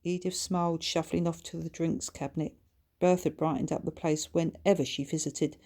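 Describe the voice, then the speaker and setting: A woman reads her own children's book aloud, her voice sitting on the lower side. She narrates the action at a steady, expressive pace, plainly telling a story to young listeners. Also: moderate pace.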